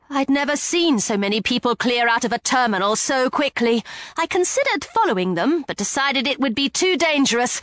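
A woman narrating an audiobook in a lively first-person storytelling manner. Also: high-pitched, no room sound, clean studio sound. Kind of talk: scripted narration.

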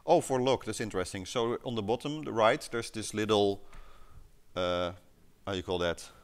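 Smooth low-voiced man explaining software. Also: moderate pace. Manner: explanatory, hesitant with fillers. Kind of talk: casual screen-share chat.

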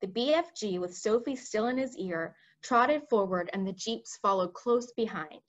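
A woman reading a children's book aloud with expressive storytelling. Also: mid-range voice, moderate pace, lo-fi sound. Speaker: reader.

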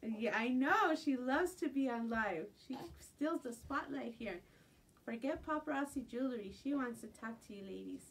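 A woman's voice: fairly high pitch, lively intonation, normal speed. A middle-aged woman selling jewelry on a live stream from home, chatting casually and sometimes cooing in baby talk. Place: home at night. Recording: distant phone mic with faint room noise.

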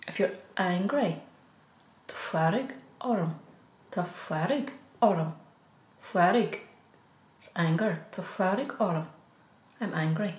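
A woman with an Irish accent teaching a beginner language lesson, saying each phrase slowly, repeating it, then giving the English. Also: on the low side, expressive. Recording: echoey room.

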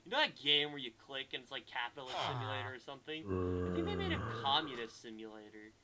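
A man giving excitable gameplay commentary, swinging from loud outbursts to quiet muttering. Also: medium pitch, quick pace, a loud crowd. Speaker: gaming channel host. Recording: heavy background noise.

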